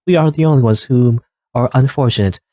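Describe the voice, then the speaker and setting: A man's voice: medium pitch, a little fast, dark tone, dry recording, clean studio sound, lightly acted. A man reading as a distraught grieving villager. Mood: remorseful. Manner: anguished, self-blaming.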